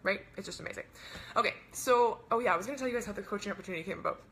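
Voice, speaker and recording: Young woman, online fitness coach, upbeat chatty webinar pitch, bright forward tone, faint hiss behind. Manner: chatty, upbeat, fast-talking with lots of "right?" and "like".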